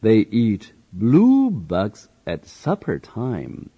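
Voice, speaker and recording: A man reading a simple story aloud in short phrases, slowly and evenly, so that learners can repeat each one. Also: lowish voice, huge pitch swings, husky, muffled recording. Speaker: reading teacher.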